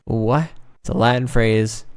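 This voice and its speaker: A man's voice: mid-range voice, steady tone, a little slow, darkish tone, clear, resonant tone. A young man in casual chat, rambling with crude slang. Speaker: podcast co-host.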